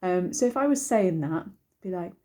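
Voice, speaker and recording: A middle-aged woman teaches singing in a casual, rambling way, full of ums and little restarts. Her voice sits a touch low and sounds soft and mellow rather than bright. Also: animated, normal speed. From United Kingdom. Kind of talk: casual singing lesson to camera.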